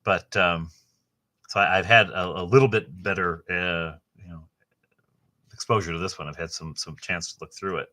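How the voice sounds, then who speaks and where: A middle-aged man hosting a casual book unboxing, rambling and enthusiastic, with a halting way of talking. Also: low voice, fairly even intonation, bright, forceful tone. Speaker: host.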